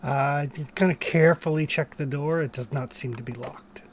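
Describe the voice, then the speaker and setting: A man running a tabletop game as game master, narrating in a calm, measured way with small hesitations. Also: fairly high pitch.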